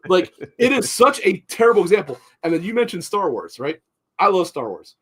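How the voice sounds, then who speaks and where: A man's voice: high voice, big pitch swings, a little fast, fairly bright tone, slightly rough. A man, co-hosting a casual podcast, who talks bluntly, swears freely and stumbles over repeated words when worked up. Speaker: podcast co-host. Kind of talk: casual chat.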